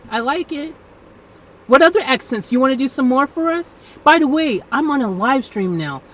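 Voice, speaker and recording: A woman's voice: medium pitch, recorded from a distance, slight background noise, rough recording. A woman from the United States hosting a live stream, chatting casually and playfully with an AI. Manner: playful, chatty, quick to laugh. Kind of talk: casual chat with an AI.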